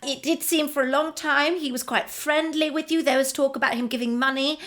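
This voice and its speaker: A woman hosts a comedic interview in a high voice. She gushes and flatters her guest. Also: fairly quick. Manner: gushing, flattering. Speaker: host.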